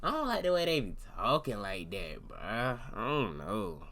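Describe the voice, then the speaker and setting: Man, slangy reaction commentary, loud, swearing, pitch jumping all over. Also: huge pitch swings, normal speed. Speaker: reactor to a video.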